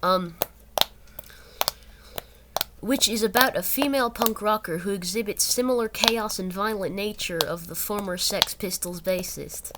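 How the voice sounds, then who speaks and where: A woman's voice: mid-range voice, a little slow. A young woman reading an article aloud and breaking off into rambling, self-correcting asides. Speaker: channel host. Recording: loud background noise.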